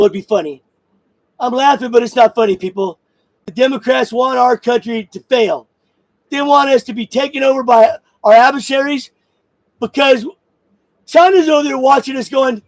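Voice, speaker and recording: High-voiced man on a profane shouting rant. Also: moderate pace, long pauses, dry recording, rough recording. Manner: angry, crude, bursts of shouting and laughter. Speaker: vlogger. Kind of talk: profane political rant to camera.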